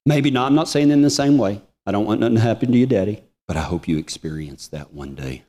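A man preaching a sermon, telling a personal testimony with emotion, moving from hushed lines to soaring ones. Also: on the low side, expressive, fast.

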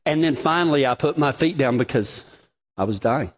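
A man's voice: medium pitch, lively intonation, moderate pace. A man preaching a sermon, telling his own story in a folksy, dramatic way.

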